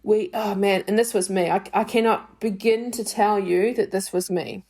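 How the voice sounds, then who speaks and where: A woman's voice: mid-range voice, moderate pace, a little mellow. A woman hosting a podcast, talking candidly and chattily in a personal monologue, often poking fun at herself. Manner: candid, chatty, self-deprecating. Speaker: podcast host.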